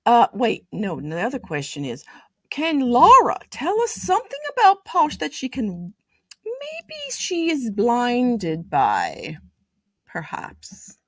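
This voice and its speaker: A woman hosting a casual chat, talking playfully with a slow, drawn-out delivery. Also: a little high, huge pitch swings, fairly bright tone, no room sound, clean studio sound. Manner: chatty, playful, drawn-out speech. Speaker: host.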